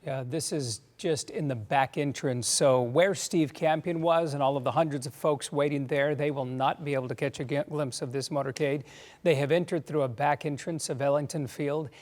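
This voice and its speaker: Higher-voiced male news anchor. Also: fairly even intonation, moderate pace, darkish tone. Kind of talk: live broadcast commentary.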